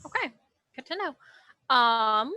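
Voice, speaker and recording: A woman playing in a tabletop game, moving in and out of character and asking a lot of probing questions. She speaks in a high, bright voice on a close, dry mic. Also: big pitch swings, takes it slowly, no room sound. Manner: questioning, hesitant with frequent ums. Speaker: player. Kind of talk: tabletop role-play, in and out of character.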